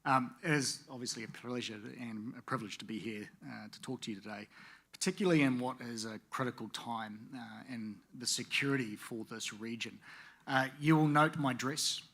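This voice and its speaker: A man in his forties from the Pacific Islands gives a formal panel speech with a bright, forceful voice. He is measured and fills his pauses with "uh". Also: medium pitch. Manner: measured, with frequent "uh" fillers. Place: conference venue.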